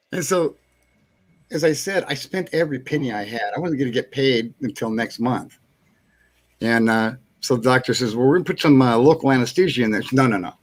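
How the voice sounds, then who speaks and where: A man's voice: mid-range voice, a little fast. Chuckling man telling a rambling story. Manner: rambling, animated anecdote-telling with chuckles and acted-out quotes. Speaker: host. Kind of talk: casual storytelling on a live chat show.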